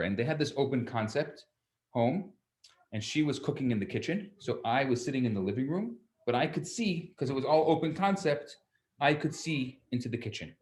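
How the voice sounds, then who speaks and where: Male rabbi-teacher, storytelling lecture, animated delivery, mid-range voice, occasional restarts. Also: medium pitch.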